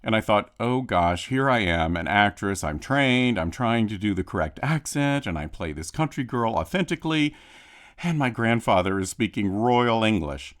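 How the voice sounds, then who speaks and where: A man giving a scripted audio commentary as a film historian, telling backstage stories in a measured way and lightly acting out the quotes. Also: lowish voice, lively intonation, a bit bright.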